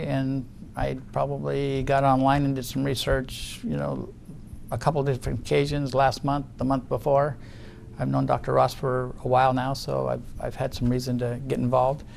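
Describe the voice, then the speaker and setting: A man's voice: medium pitch, vocal fry, a little mellow, slight background noise. A middle-aged man giving deposition testimony, guarded and insistent, often restarting his sentences. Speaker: witness in a legal deposition.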